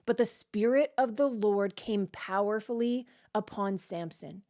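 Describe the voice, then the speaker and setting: A woman's voice: mid-range voice, unhurried, dark tone. Chatty woman teaching Bible study. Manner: conversational, reads a verse then reacts and explains in plain talk; frequent "like" and "right?" checks with the listener. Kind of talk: casual verse-by-verse Bible teaching.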